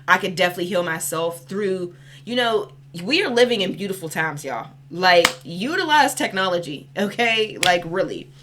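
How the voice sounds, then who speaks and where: A woman's voice: on the low side, expressive, normal speed, fairly bright tone, slight background noise. A young woman giving a casual spiritual card reading, chatty and rambling, with a loose, cursing, heartfelt manner. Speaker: spiritual reader.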